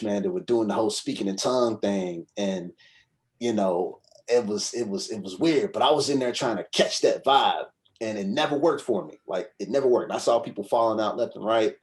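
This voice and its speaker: A man's voice: fairly low pitch, darkish tone. A man as a podcast guest, telling a story in a rambling, conversational way and often checking in with his listener. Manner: rambling, conversational, frequent "you know what I'm saying". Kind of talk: casual storytelling.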